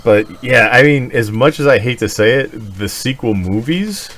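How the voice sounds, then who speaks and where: A man's voice: mid-range voice, normal speed. A man co-hosting a podcast in casual chat, ranting with lots of swearing and laughter. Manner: profane, animated, laughing rants. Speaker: podcast co-host.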